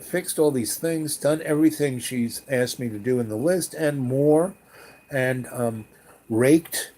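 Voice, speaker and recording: A man's voice: medium pitch, darkish tone. Rambling man telling a story. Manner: meandering, full of fillers and restarts.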